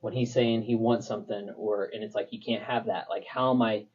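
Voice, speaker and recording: Husky young dad chatting casually. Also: male voice, fairly low pitch, fairly even intonation, brisk, darkish tone, lo-fi sound. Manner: rambling, filler-heavy storytelling. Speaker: podcast co-host. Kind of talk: casual chat.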